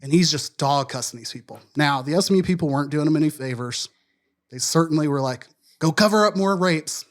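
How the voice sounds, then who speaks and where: A man's voice: fairly high pitch, quick pace. A man from Wisconsin, co-hosting a podcast, telling a long story in a loose, profane, self-deprecating way. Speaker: podcast co-host. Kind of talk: casual storytelling chat.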